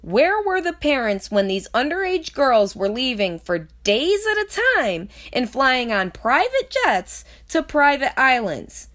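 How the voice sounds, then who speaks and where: A woman with a slight lisp and a somewhat high voice reads news passages aloud. She cuts in often with skeptical, sarcastic remarks in a casual home-commentary tone. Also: big pitch swings, measured pace, hardly any pauses, a bit bright. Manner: skeptical, sarcastic asides between read passages.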